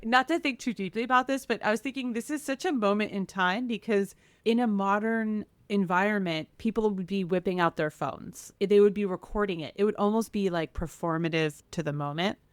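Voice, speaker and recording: A woman's voice: mid-range voice, a little fast, hardly any pauses, smooth, no room sound. A woman co-hosting a podcast in casual chat, speaking emphatically and laughing often. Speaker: podcast co-host. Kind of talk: casual chat about a film.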